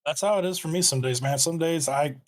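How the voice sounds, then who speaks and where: A man guesting on a podcast, talking earnestly and swearing casually. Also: fairly high pitch. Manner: earnest, profane, fast bursts.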